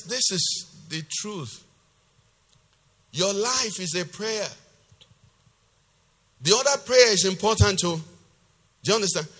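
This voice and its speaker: A male pastor preaching a sermon, reading scripture loudly with force and then explaining it in a lower, conversational voice. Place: church hall. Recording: long reverb of a church hall.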